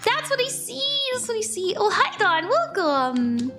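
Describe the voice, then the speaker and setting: A woman's voice: very high-pitched, very animated, a little slow, music in the background. A young woman doing a casual live-stream tarot reading, chatty and bubbly, laughing often and greeting viewers by name.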